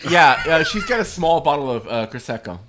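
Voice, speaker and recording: A man co-hosting a casual podcast, telling stories with lots of swearing and plenty of laughter. His voice sits in a middle pitch but swings up and down a lot as he talks. There is crowd chatter in the background. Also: brisk, rough recording. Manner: animated, profane storyteller, often laughing. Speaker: podcast co-host. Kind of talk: casual storytelling chat.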